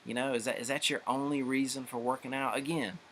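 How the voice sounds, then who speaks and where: Male fitness coach, mid-pitched, earnest motivational pep talk to camera, repetitive and full of fillers, faint hiss behind. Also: fairly even intonation, fast talker, fairly bright tone. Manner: earnest, repeats phrases for emphasis, many fillers and restarts. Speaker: fitness coach and gym owner.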